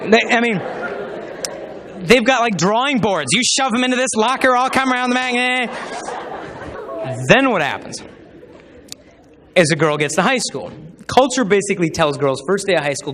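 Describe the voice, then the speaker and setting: A young man with a fairly high voice gives a live talk in a large hall, where a long reverb trails after his words. He tells funny stories and slips into the voices of the people he quotes. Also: expressive, normal speed, pauses often, fairly bright tone, some chatter behind, a little hiss or hum. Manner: humorous storyteller who acts out quoted voices. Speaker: speaker at a chastity talk.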